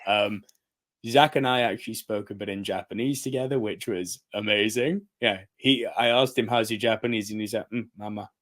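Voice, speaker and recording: An energetic man in a casual podcast chat. He tells his story with animation, slips into the voices of the people he quotes, and laughs often as he talks. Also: lowish voice, moderate pace. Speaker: podcast co-host.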